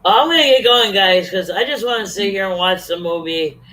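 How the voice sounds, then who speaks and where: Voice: medium pitch, normal speed, pushed and bright. An adult vlogger at home chatting loosely to livestream viewers on camera, rambling, frank and profane. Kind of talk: casual livestream chat to viewers. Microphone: camera or webcam, talking to viewers.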